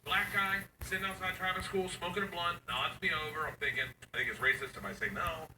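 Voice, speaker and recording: A man in his forties telling a stand-up comedy story, loud and animated, acting out other people's voices and owl hoots. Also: a little high, brisk. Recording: echoey room recorded from far off, audience noise.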